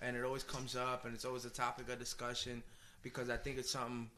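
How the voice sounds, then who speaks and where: A man's voice: medium pitch, completely flat delivery, fast talker, sharp tone, slight background noise. A man co-hosting a podcast in loose, joking, profane casual chat. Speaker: podcast co-host.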